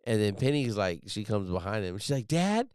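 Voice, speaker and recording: A man's voice: fairly low pitch, fairly quick, darkish tone, clean tone, no echo, studio quality. A man in his thirties, a podcast host, talking earnestly in casual chat, rambling with lots of fillers.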